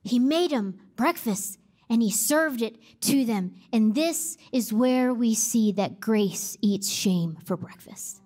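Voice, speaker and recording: Slow, high-voiced woman preaching. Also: expressive, a little mellow. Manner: emphatic, repeats key phrases for effect. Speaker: pastor. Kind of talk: sermon.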